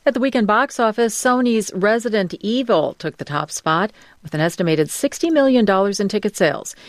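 A woman newscaster reading a scripted entertainment news item in a measured, crisp way. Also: medium pitch, lively intonation, dry recording.

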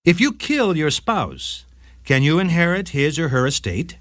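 A man's voice: fairly high pitch, unhurried, dry recording, clean studio sound. A man hosting a short legal radio segment, reading a scripted case story with dramatic flair. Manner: dramatic, lively storytelling read.

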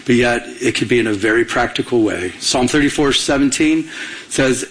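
A man preaching a sermon in a conversational way, often pausing for the congregation to fill in words. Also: mid-range voice, a bit bright, low-quality recording. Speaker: pastor.

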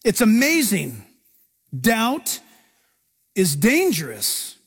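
A man delivering a sermon in a very high voice. He reads scripture and bursts into lively acted-out lines for the people in the story. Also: drawn-out words, slightly rough, in a large hall. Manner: animated preaching, acting out biblical figures in raised voices. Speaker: pastor.

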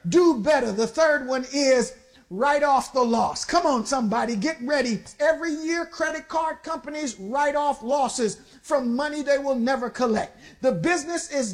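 A high-voiced, middle-aged woman preaching a fervent sermon. She calls out to the congregation, pushes for answers and rises into shouts at her strongest points. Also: animated, moderate pace. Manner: call-and-response preaching, rising to shouts.

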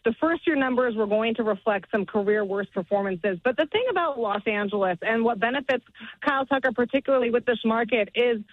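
A woman reporter giving measured, analytical answers in a radio interview over a phone line. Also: fairly high pitch, no room sound. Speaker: baseball reporter.

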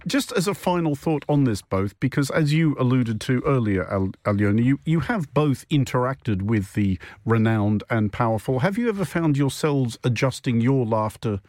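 A man's voice: mid-range voice, animated, moderate pace, hardly any pauses, darkish tone, no room sound. A man hosting a studio panel show, talking in a dry, wry and teasing way. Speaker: host.

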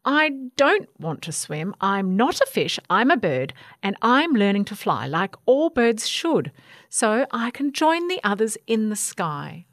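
Little bird chick with a bad wing, determined and touchy, voiced by a woman storyteller; lively up-and-down delivery. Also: medium pitch, slow pace, no echo, studio quality. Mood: upset. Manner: stubborn, earnest, snappy when upset.

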